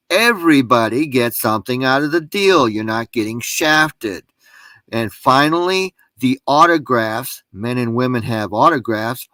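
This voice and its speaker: Mężczyzna w rozmowie panelowej, który z naciskiem i jak wykładowca tłumaczy sprawy prawne, wyliczając punkty po kolei. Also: male voice, medium pitch, a bit bright, dry recording. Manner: emphatic, lecturing, spells out points in lists. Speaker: panel speaker explaining law. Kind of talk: casual explanatory talk.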